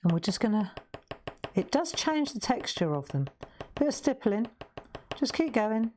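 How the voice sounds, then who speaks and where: A woman's voice: on the high side, sing-song, measured pace, a little mellow, slight background noise. A woman hosting a live colouring tutorial from her craft room, chatty and demonstrative, talking into a lapel mic. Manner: chatty, demonstrative, laughs at herself. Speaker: crafting livestream host.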